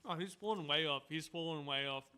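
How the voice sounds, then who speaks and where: A man's voice: a little high, fairly quick, sharp tone, clean tone. A man as a podcast guest, chatting casually with rambling asides.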